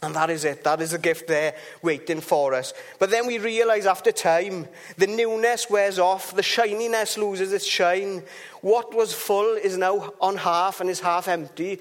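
Casting note: man, higher voice, relaxed devotional speaker who rambles through asides. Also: unhurried. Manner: chatty and rambling, with restarts and asides. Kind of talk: informal devotional talk.

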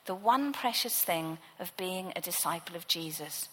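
A woman's voice: on the low side, expressive, moderate pace, bright, forceful tone, in a large hall, poor audio. A woman preacher giving a sermon, teaching from the Bible in a conversational way.

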